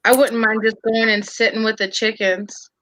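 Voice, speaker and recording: A lively woman chatting on a casual podcast, her voice fairly high and very bright. She tells stories with energy, swears freely and acts out the people she talks about. The sound is close and dry. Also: normal speed, dry recording, poor audio. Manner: animated storyteller, swears, acts out quotes loudly. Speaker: podcast co-host. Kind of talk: casual chat.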